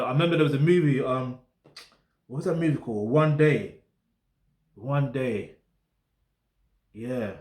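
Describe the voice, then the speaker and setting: South London man, casual music-review host, slangy and rambling, mid-pitched voice in an echoey flat. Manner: rambling, full of slang tags like "get me" and "yeah". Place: flat in a residential block.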